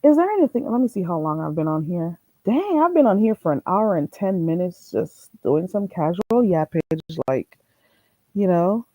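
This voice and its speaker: A woman hosting a casual livestream, chatting and telling stories in an animated, gossipy way and reading viewer comments. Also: lowish voice, no room sound, rough recording. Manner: animated gossipy storytelling, quick laughs. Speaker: livestream host.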